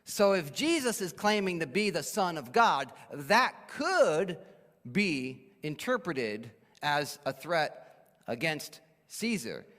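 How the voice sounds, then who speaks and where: A man's voice: on the high side, slow pace. Male pastor, emphatic sermon delivery, wide swings, echoey church hall. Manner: animated, emphatic, drops to quiet for weight.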